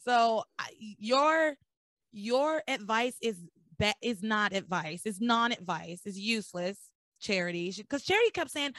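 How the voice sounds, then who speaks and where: A woman hosting a podcast, recapping soap opera episodes in animated, sarcastic casual chat. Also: a little high, measured pace, dry recording, studio quality. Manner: animated storytelling with sarcastic asides.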